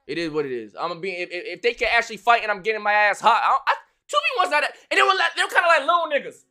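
A young man, a streamer, telling a story in casual slang, excitable, jumping between loud bursts and hushed mutters. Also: very high-pitched, very fast. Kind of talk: animated storytelling.

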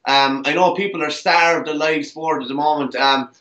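A young Irish man talks casually as a co-host, upbeat and full of thanks. His voice sits a bit high and bright, and the room around him rings with echo. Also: steady tone, moderate pace. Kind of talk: casual chat. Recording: roomy echo.

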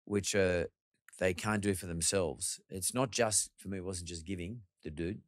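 A man's voice: low-pitched, moderate pace, no room sound, studio quality. A middle-aged man hosting a podcast, telling a candid story in a blunt, reflective way and swearing freely. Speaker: podcast host.

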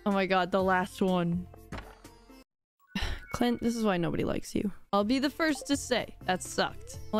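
Woman let's-player, slightly high voice, excitable and self-mocking, soft music underneath. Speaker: let's play gamer. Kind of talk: casual gameplay commentary.

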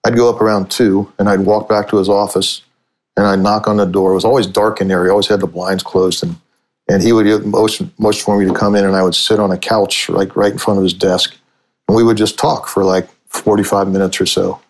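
An older male sportswriter and author from Cincinnati, USA, tells stories in a conversational interview, his low voice level in tone and fairly quick. He rambles with frequent restarts, and the recording quality is poor.

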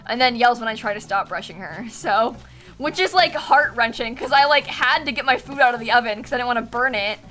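A woman's voice: fairly high pitch, brisk, sharp tone. A young woman streaming a game, chatting casually and giggling with her viewers, with music playing behind her. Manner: chatty, giggly, talks to her cat in a sing-song voice. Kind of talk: casual live-stream chat.

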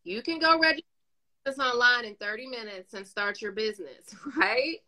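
A woman chatting casually as a guest speaker, telling animated stories and giving motivational advice. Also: fairly high pitch, normal speed, poor audio. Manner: animated storyteller, acts out dialogue, gives advice.

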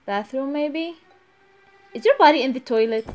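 A woman's voice: high voice, normal speed, pauses often, darkish tone, faint music behind. A young woman hosting a gaming channel, giggling and talking to herself as she plays. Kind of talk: let's play commentary.

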